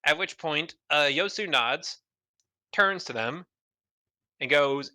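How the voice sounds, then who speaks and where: Guy running a tabletop game, super bright voice, stumbles over words, dry sound. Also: a little high, expressive, takes it slowly, no echo. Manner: stammering, repeats words while narrating. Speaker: game master.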